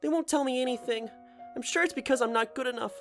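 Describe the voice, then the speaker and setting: A man voicing a timid, tearful young woman time traveler who speaks softly and apologetically through sniffles, in a dramatic audiobook reading. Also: extremely high pitch, fast talker, faint music behind, voice pushed up. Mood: tearful, apologetic.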